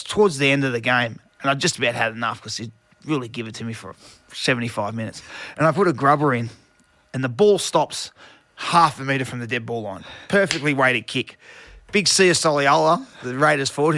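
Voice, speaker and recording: An Australian man in his forties, a former rugby league player, telling animated stories in a casual podcast chat. He acts out shouting coaches and laughs often. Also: medium pitch, dry recording.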